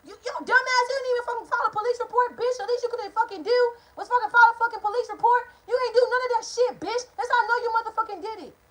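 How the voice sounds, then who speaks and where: A woman's voice: fairly even intonation, racing, few pauses. A woman voicing a furious, foul-mouthed mother who screams accusations down the phone. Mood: furious yelling. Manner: shrill, cursing, yelling.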